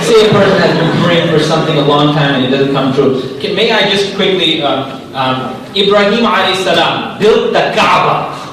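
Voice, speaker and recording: A young man giving a casual, joking Islamic talk to students, slangy and animated. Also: fairly high pitch, brisk, crowd noise. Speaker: Islamic speaker. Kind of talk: informal lecture to students. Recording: echoey hall from far off.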